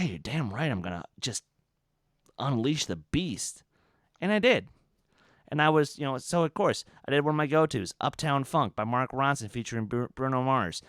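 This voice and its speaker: A young man co-hosting a podcast, telling a story in casual chat, animated and full of fillers and restarts. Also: medium pitch, no echo, studio quality. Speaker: podcast co-host.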